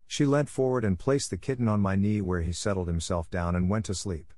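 A man reads a first-person ghost story in a calm, measured way. His voice sits low, and the recording is dry and close with no room sound. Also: dry recording. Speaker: narrator. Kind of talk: scripted ghost story narration.

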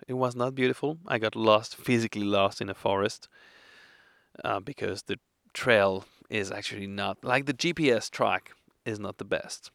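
Tipsy guy rambling about his hike, kinda gravelly low voice, dry sound. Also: a bit bright, no echo. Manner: hesitant, rambling, laughs often. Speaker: solo hiker vlogger. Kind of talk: casual storytelling to camera. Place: campsite outdoors.

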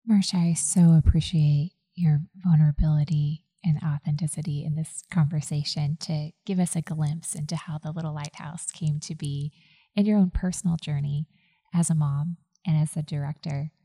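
A woman hosting an interview, asking her guest a measured, appreciative closing question. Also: sits low, fairly even intonation, warm tone. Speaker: podcast host.

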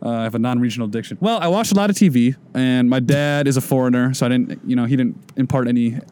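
A man's voice: mid-range voice, fast, mellow. Easygoing man from Minnesota, podcast guest. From Minnesota, USA. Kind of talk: casual chat.

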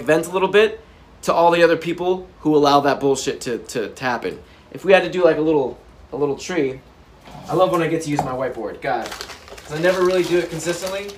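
A man ranting to camera as a motivational vlogger, blunt and profane, with sudden loud bursts. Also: fairly high pitch, a little hiss or hum. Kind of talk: unscripted motivational rant to camera. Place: indoors by a whiteboard. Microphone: camera framing him at a whiteboard.

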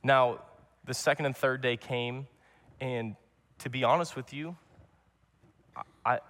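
A man's voice: medium pitch, steady tone, unhurried, fairly bright tone. A young adult man preaching a sermon as a pastor, earnest and repetitive, often restarting his words. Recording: long hall reverb.

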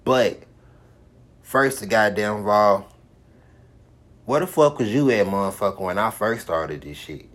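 A man's voice: lowish voice, a little slow, pauses often, a bit bright. A man hosting his own podcast, giving a profane, repetitive motivational monologue with heavy swearing. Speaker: podcast host.

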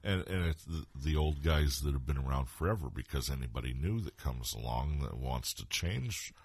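A man's voice: very deep voice, expressive, moderate pace, dry recording. A man co-hosting a podcast, chatting casually, agreeable with blunt asides. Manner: agreeable, short interjections, blunt remarks. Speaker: podcast co-host. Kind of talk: casual political chat.

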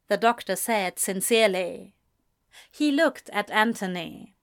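A woman narrating a story in a steady, measured way. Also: mid-range voice, no echo, studio quality. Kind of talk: storybook reading.

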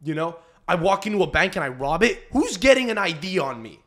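A man's voice: sits high, big pitch swings, a little fast, fairly bright tone. A man from Canada, hosting a podcast as a comedian and riffing animatedly with frequent restarts. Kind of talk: casual podcast monologue.

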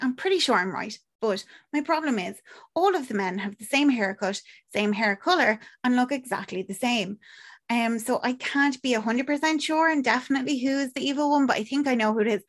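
Animated Irish woman recapping a film. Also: fairly high pitch, moderate pace. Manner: animated storyteller, acts out characters, swears freely. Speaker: podcast co-host. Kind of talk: casual chat recapping a film.

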